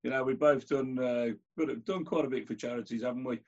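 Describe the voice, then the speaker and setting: Birmingham man as host, husky voice, chatty and halting, dull sound. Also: mid-range voice, steady tone, darkish tone. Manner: conversational, hesitant, restarts phrases. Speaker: host and chair. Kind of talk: hosting a conversation.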